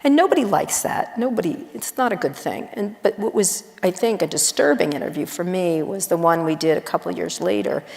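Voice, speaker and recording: A middle-aged woman journalist chatting casually on stage, blunt and wry, telling quick animated stories with asides. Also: lowish voice, creaky. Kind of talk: casual onstage conversation. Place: large university auditorium. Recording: long auditorium reverb.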